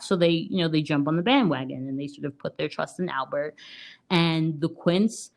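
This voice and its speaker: Low-voiced woman co-host, casual and chatty, retelling a movie plot with lots of fillers. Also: normal speed, a little mellow. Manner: chatty, many "like" and "you know" fillers, laughs often. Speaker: podcast co-host. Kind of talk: casual film review.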